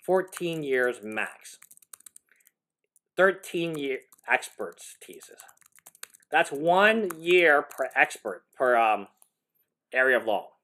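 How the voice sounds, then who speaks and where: Man, lawyer, live reaction commentary, incredulous, rambling, swinging pitch. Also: very animated, takes it slowly, pauses often, bright, forceful tone. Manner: incredulous, laughing, rambling with restarts.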